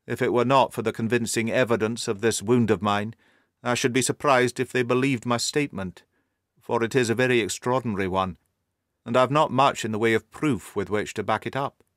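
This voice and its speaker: A man's voice: mid-range voice, a little fast, a bit bright, dry recording, clean studio sound, lightly acted. A man reading the part of a shaken young male engineer, formal and courteous in his speech. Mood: earnest. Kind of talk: audiobook character reading.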